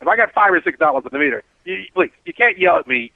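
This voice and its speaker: New cab driver, higher-pitched talk-show regular, rambling animated storyteller, dry tinny phone sound. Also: male voice, quick pace, no echo. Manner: rambling, animated storyteller, acts out quoted voices.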